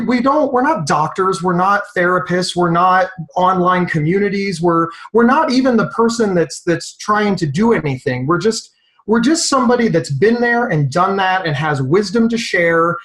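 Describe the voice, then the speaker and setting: A man advocating for peer support on a live round-table, telling stories with lively energy and frequent stammering restarts. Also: sits high, low-quality recording. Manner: animated storyteller with stammering restarts.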